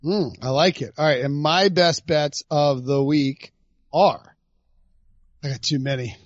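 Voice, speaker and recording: A chatty man hosts a casual betting podcast, talking through his picks aloud. His voice sits slightly high. The audio is dry and a bit dull, with faint music behind him. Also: measured pace, dry recording. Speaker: podcast host.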